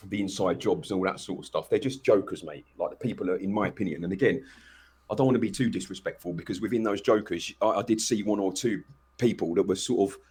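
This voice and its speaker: A man's voice: low voice, fast talker, a little mellow, husky. A man co-hosting a podcast, talking in a blunt, brash way and swearing freely. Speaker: podcast co-host. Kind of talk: casual chat.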